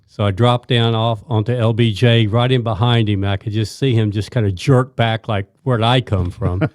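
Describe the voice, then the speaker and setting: An older man, a retired police officer, recounting a police chase in a steady, matter-of-fact way. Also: on the low side, moderate pace, dry recording. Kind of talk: casual storytelling.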